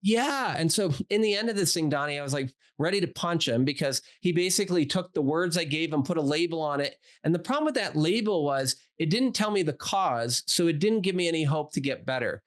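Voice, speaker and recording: Here a man in his forties, a physician being interviewed, recounts something from his own life with casual energy. His voice sits on the high side and moves briskly with few pauses, while he performs the quoted lines and leans heavily on "like."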